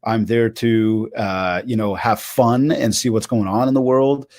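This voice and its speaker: A man's voice: lowish voice, unhurried, no echo, clean studio sound. A man on a video call, telling stories with energy and acting out the quotes in his anecdotes. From Canada. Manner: animated storyteller, acts out quotes. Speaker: keynote speaker guest. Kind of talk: casual interview chat.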